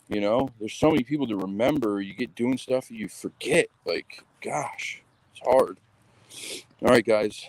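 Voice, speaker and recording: A man's voice: fairly low pitch, gravelly, darkish tone, dry recording, rough recording. A man hosting a show, chatting casually and upbeat into a phone while walking his dog outdoors in the rain. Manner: rambling, upbeat. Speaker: show host. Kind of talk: casual vlog chat.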